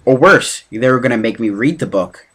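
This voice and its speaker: Man, amateur audiobook reader, mid-pitched voice, halting, slips and restarts. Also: lively intonation, fairly bright tone.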